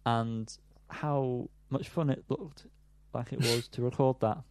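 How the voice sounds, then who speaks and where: A man's voice: mid-range voice, steady tone, slow pace, a little mellow, no room sound. Dry-sounding man rambling about an album. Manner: rambling, frequent ums, laughs at himself. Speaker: podcast co-host. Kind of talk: casual music chat.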